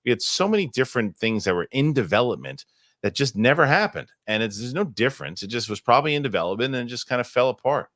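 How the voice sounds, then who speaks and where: A middle-aged man hosting a casual podcast, rambling and excitable as he chats and reads ads. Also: mid-range voice, fast talker, no echo, clean studio sound. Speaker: podcast host. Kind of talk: casual chat and live ad reads.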